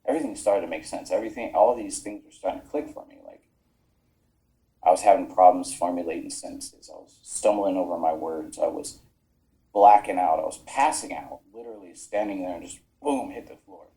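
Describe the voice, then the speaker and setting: A low-pitched man with a mellow, dark voice recounts his army years as a podcast guest. He talks frankly, swears often, and slips into the voices of the people he quotes. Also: a little fast, low-quality recording. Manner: frank, swears freely, acts out quoted dialogue. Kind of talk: casual storytelling. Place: podcast studio.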